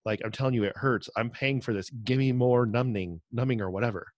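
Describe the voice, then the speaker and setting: A man's voice: mid-range voice, a little fast, no room sound, clean studio sound. A man co-hosting a podcast in casual chat, joking and chiming in with quips and his own story. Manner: joking banter, chimes in with quips. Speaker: podcast co-host. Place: on a video call.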